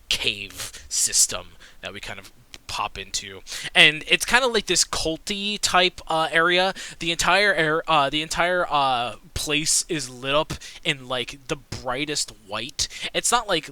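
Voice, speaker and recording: A man's voice: fairly high pitch, bright, forceful tone, poor audio. A man narrating scenes as a tabletop game master, describing them in a meandering way with many restarts.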